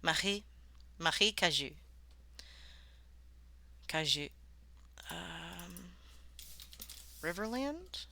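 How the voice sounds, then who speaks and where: A woman's voice: on the low side, animated, very slow, creaky, long pauses, sharp tone. A woman streaming live, chatting casually and swearing freely as she worldbuilds and sounds out words, laughing often.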